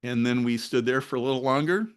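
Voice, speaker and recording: Leading a discussion group on an online video call, this man talks fast in a smooth, mid-range voice. His personal story is animated, and he voices the other people's lines himself as he goes.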